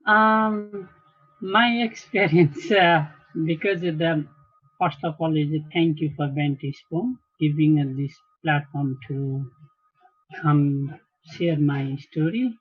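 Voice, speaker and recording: Halting man guest on a tinny line. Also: a little high, fairly even intonation. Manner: halting, searching for words, many restarts. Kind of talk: casual interview talk.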